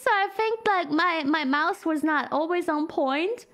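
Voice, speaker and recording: High, bright-voiced excitable woman streamer. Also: normal speed. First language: German. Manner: excitable, swears, sings along and laughs. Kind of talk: casual gaming stream. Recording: faint music behind.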